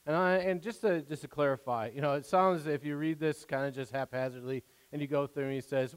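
A man's voice: on the high side, fairly even intonation, fairly quick, few pauses, smooth. A man preaching a sermon in an earnest, conversational way, stopping and restarting, acting out quoted prayers. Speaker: pastor. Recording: long hall reverb.

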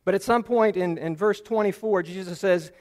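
A man's voice: sits high, normal speed, a little mellow, long reverb tail. A man preaching a Bible teaching sermon, earnest and explanatory, leaning on key phrases for emphasis.

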